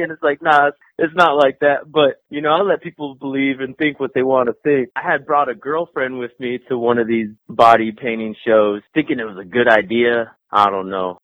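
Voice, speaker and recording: A man's voice: medium pitch, fairly quick, few pauses, dry recording. A man who works as a graffiti artist and painter, chatting casually in an interview, laid-back and profane, laughing often. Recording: dry, tinny phone-like sound.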